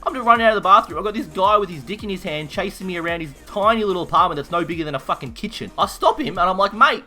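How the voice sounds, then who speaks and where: A young Australian man telling a story in a rowdy, profane, animated way. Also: high voice, rapid-fire, soft background music. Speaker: YouTuber. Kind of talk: casual storytelling while gaming.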